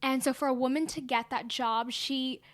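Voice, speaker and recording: A woman co-hosting a casual podcast, with a somewhat high voice. She talks things through thoughtfully and drops "like" often as she goes. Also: steady tone, moderate pace. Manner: thoughtful, frequent "like" fillers. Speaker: podcast co-host, academic.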